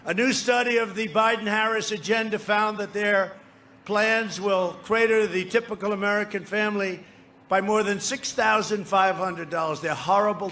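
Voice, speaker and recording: Man, rally speech, boastful, rambling, high pitch, stage mic, faint background noise. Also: pushed and bright. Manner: boastful, rambling, riffs with the crowd. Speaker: political speaker at a rally. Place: outdoor rally before a large crowd.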